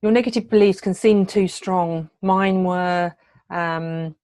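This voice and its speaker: A woman's voice: on the low side, fairly even intonation, slow, darkish tone, dry recording. A middle-aged woman, a hypnotherapist and wellness coach, sharing her own story in an earnest, heartfelt way with frequent hesitations. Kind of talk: personal testimony in a coaching video.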